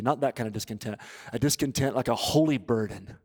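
A man preaching a sermon as pastor, urging and earnest, moving between loud appeals and hushed, intense passages. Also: mid-range voice, fast, breathy edge. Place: church auditorium. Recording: long reverb of a large hall.

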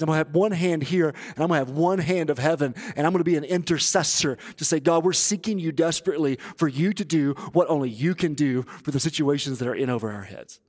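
Male pastor preaching, slightly high voice, impassioned swings from loud to hushed, long hall reverb. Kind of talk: sermon. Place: church auditorium.

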